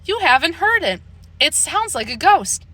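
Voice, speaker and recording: A woman doing a scared little girl, high, bright and lively, pleading with her parents. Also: a little slow, dry recording, full character voice. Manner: pleading, excitable.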